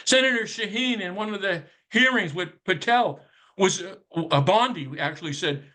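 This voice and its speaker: High, bright-voiced ranting man. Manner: profane, rapid-fire rhetorical questions; conspiratorial, sardonic. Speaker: podcast commentator. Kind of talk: casual ranting commentary.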